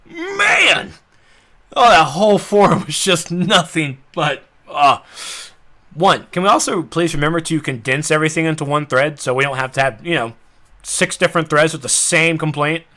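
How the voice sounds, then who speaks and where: Southern guy rambling on his podcast stream, kinda high voice, laughs and says sorry a lot, dry throat. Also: normal speed, bright, forceful tone. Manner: rambling, laughing, apologetic asides. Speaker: podcast host. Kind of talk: casual live-stream chat.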